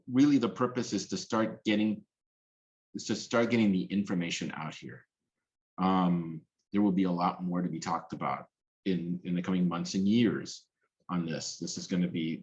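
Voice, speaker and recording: Deep-voiced man giving a webinar talk. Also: a little mellow, muffled recording. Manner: earnest, with frequent restarts and fillers. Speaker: policy specialist presenting a talk. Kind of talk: webinar presentation.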